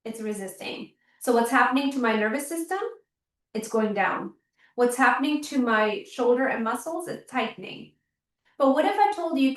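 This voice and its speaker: Brief: higher-voiced woman workshop leader, earnest and repetitive, mic set back in an echoey room. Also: animated, moderate pace. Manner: earnest, repetitive, checks in with listeners. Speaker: chiropractor leading a workshop. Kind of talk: workshop teaching talk. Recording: roomy sound, mic at a distance.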